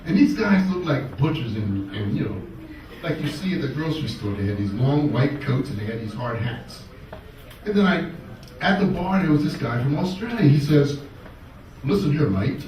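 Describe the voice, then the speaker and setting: Lively stand-up comedian in a roomy club. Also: male voice, fairly high pitch, moderate pace, slight background noise. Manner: animated, playful delivery with quoted voices. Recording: roomy club sound from a distant mic. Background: audience laughter.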